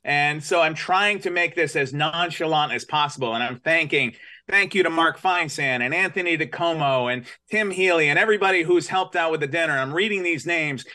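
A man from New York with a bright, forceful voice that sits a little high. He tells a story casually, poking fun at himself with animated detail. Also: brisk. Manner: self-deprecating, animated storyteller.

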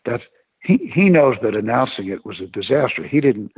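A man and former sports agent telling stories in a radio interview, animated and opinionated. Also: medium pitch, normal speed, creaky, husky, no echo. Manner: animated storyteller. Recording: tinny phone-line radio sound.

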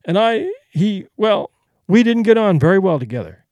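A man's voice: high-pitched, sing-song, moderate pace, a little mellow, dry recording. A man voicing a nervous young woman who answers politely and tries to sound offhand. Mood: guarded. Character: nervous young woman hiding her aims.

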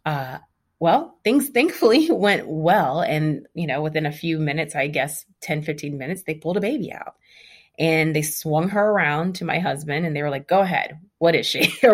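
A woman in her thirties candidly retelling a personal story in a lively, conversational way. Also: sits low, a little fast.

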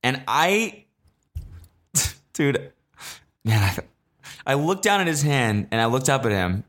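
A man's voice: medium pitch, sing-song, takes it slowly, fairly bright tone. Rambling, profane young man telling a story. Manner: rambling, profane, filler-heavy, self-mocking. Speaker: podcast host. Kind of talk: casual solo storytelling.

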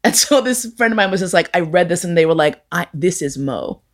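Profane, animated woman storyteller with a lower voice. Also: fast. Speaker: storyteller guest. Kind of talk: live bawdy storytelling.

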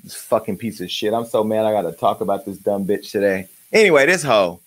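A man's voice: fairly low pitch, animated, fairly quick. A man hosting his own show, ranting in a profane, joking and angry way. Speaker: show host. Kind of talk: uncensored comedic rant.

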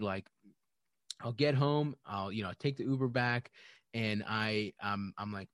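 A man chatting loosely on a podcast, swearing freely and laughing between thoughts. His voice sits at an ordinary middle pitch, and the sound is close and dry, with no room around it. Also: unhurried, no room sound. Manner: chatty and profane, many fillers and laughs. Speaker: podcast guest. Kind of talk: casual podcast conversation.

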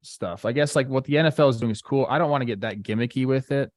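A man's voice: mid-range voice, quick pace. A man with a mid-range voice co-hosts a sports podcast, loose and enthusiastic, leaning on casual fillers. His voice is recorded close, dry and without room echo. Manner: relaxed, enthusiastic, many fillers like "like". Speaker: podcast co-host, former player.

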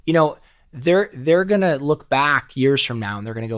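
Speaking as a podcast guest, a middle-aged man with a medium-pitched voice and lively intonation talks at a normal speed. He shares personal stories candidly and emotionally, swearing freely and often repeating or restarting words.

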